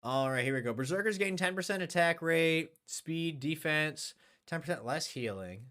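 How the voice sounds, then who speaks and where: Young man, game streamer, higher voice, lively pitch, casual thinking-aloud chatter. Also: normal speed. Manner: chatty, thinking aloud, often trailing off quietly. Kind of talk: casual live game commentary.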